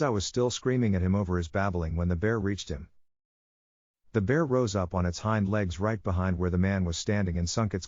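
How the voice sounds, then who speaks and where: A man's voice: low voice, no room sound. A man narrating a first-person horror story in a tense, gripping way. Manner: tense first-person retelling with shouted quotes. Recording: dry dull lo-fi audio.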